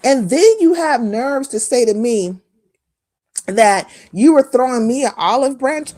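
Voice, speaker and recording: A woman's voice: fairly high pitch, animated, measured pace, warm tone, no echo, clean studio sound. A woman hosting a live stream, delivering a heated, profane, confrontational rant full of mocking asides.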